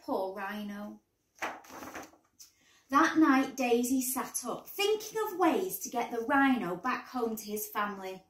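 A woman teacher reading a bedtime story aloud in an expressive storybook manner, in a roomy recording. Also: a little high, slow, far from the mic. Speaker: primary school teacher. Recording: roomy echo.

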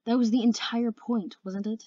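A woman's voice: on the high side, steady tone, moderate pace, dark tone, no room sound, close to an everyday voice. A sly, menacing male sea dragon with a dry, mocking way of speaking, as a woman puts him on. The voice sounds muffled and close, recorded dry. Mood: sarcastic. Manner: dry, sarcastic.

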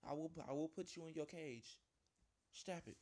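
Man, gameplay commentary, fairly high voice, excitable, panicky squeaky yelps, rambling. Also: moderate pace. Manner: rambling, self-interrupting. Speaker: gaming video host. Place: at home with a small dog.

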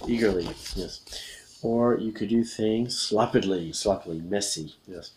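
A man from America, reading a children's book aloud as an English lesson, slowly repeating key words and chuckling often. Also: fairly low pitch, animated, a little mellow, slight background noise, low-quality recording.

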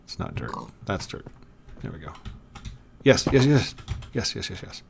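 A man with a lowish, gravelly voice narrates his gameplay casually. He keeps repeating short commands with frustrated coaxing. Faint noise and keyboard clicking sit under his voice. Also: expressive, unhurried. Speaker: gaming video creator. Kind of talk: casual Minecraft commentary.

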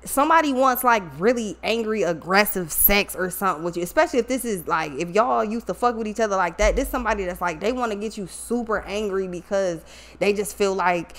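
A woman's voice: mid-range voice, brisk. Blunt, profane woman reading tarot. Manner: animated, trailing off into asides. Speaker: tarot reader. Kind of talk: casual tarot reading to viewers.

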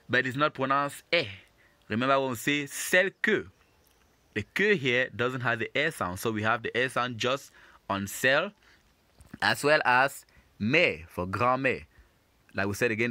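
A man's voice: mid-range voice, sharp tone, no room sound. A man teaching beginners, patiently repeating and explaining each phrase in a lesson. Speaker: French teacher.

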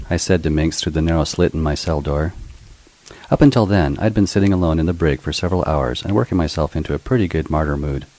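Deep voiced guy reading his own story, wry and sarcastic, dry close mic. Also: quick pace, a little mellow, no echo, low-quality recording. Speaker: author and narrator. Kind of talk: first-person storybook narration.

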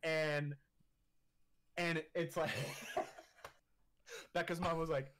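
A man's voice: on the high side, flat delivery, extremely slow, long pauses, a crowd in the background. A man in his twenties, a podcast guest telling a story in casual, profane talk full of filler words and laughing through the funny parts.

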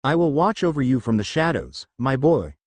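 A man voicing an ancient male god speaking softly and apologetically to his lost son, in a fan fiction story reading. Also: mid-range voice, very animated, normal speed, no echo. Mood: tender, remorseful. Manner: soft, tender and apologetic. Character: grieving ancient male god, gentle loving father.

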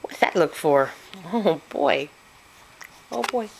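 A woman talks to her baby in a slow, bouncy, sing-song voice, swooping up high to coax smiles. She also voices the baby's little complaints for him. It is recorded on a home camera with a faint hiss underneath. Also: animated, creaky. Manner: sing-song coaxing baby talk, voicing the baby's thoughts. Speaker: mother filming her baby. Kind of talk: baby talk to an infant.

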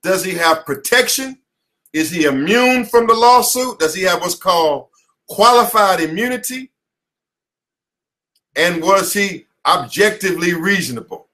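Passionate American male attorney, high-pitched and forceful, delivering an emphatic, preachy lecture. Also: lively intonation, a little slow. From United States. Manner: preachy, emphatic, repeats slogans. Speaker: attorney teaching a class. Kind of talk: impassioned lecture. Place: his office headquarters, indoors.

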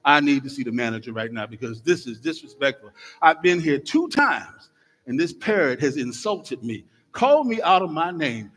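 A man voicing an indignant woman customer who loudly demands the manager, in a joke told during a sermon. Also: mid-range voice, lively intonation, rapid-fire, close to an everyday voice. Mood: outraged. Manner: outraged, demanding, loud. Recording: long church hall reverb.

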